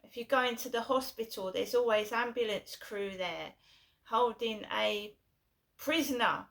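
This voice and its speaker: A middle-aged woman from England rambles through a personal story, repeating herself and restarting her sentences. Her voice is bright and sits somewhat high. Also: measured pace, vocal fry. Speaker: vlogger.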